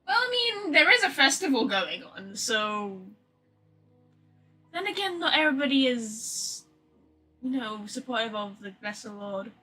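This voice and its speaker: A woman's voice: on the high side, expressive, unhurried, sharp tone, soft background music. A young British woman chatting casually on a game stream, laughing easily and reacting aloud. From Britain. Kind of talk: casual live-stream chat.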